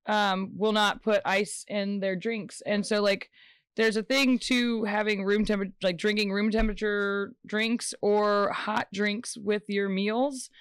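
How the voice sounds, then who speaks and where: Smooth, dry-voiced woman chatting casually. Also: mid-range voice, fairly even intonation, measured pace, no room sound. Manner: chatty, many fillers and restarts. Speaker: podcast co-host. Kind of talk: casual chat.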